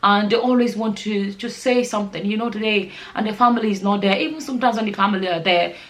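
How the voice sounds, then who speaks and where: A woman vlogger speaks straight to her camera in a casual, earnest way. Her voice sits at an ordinary middle pitch. She rambles with plenty of fillers and restarts. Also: fast. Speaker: nurse and vlogger. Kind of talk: casual vlog talk to camera.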